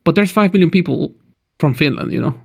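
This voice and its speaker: A man's voice: on the high side, quick pace, gravelly, breathy edge. A man from Mexico co-hosting a casual podcast chat, joking and acting out quoted lines as he tells stories. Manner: animated, jokey storytelling with acted-out quotes. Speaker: podcast co-host.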